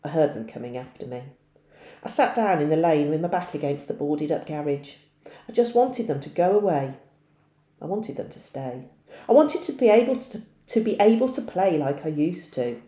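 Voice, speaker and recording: A woman teacher reading a novel aloud in a steady storytelling voice. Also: sits low, moderate pace, echoey room.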